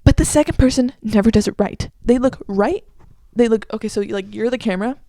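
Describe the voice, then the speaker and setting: A woman's voice: fairly high pitch, brisk, dark tone, no room sound, clean studio sound. Chatty opinionated college-age woman. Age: young adult. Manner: chatty, opinionated, many "like" fillers. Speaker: podcast host. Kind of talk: casual solo podcast chat. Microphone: podcast microphone.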